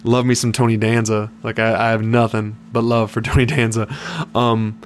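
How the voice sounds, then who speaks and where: Low-voiced man talking fight picks. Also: little pitch movement, normal speed, a little hiss or hum. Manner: confident, upbeat betting talk. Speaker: podcast co-host. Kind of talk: casual podcast chat.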